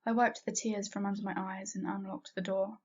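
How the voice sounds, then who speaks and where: A woman reading a first-person fanfiction story aloud, in a soft, unhurried way that drops quiet at sad moments. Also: mid-range voice, little pitch movement, muffled recording, slight background noise. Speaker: fanfiction reader.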